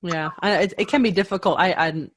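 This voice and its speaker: A woman hosts a relaxed interview and trades stories with her guest. She asks curious follow-up questions in an easy, conversational voice. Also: lowish voice, a little fast, no echo, clean studio sound. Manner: curious, shares anecdotes, asks follow-ups. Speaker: podcast host. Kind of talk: casual interview chat.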